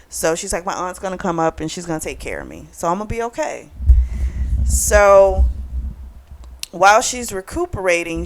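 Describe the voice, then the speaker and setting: A woman casually retelling a book's plot for a review, acting out the characters' lines in quotes as she goes. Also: medium pitch. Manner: chatty storytelling, retells dialogue in quotes. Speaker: book club vlogger. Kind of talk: casual book review recap.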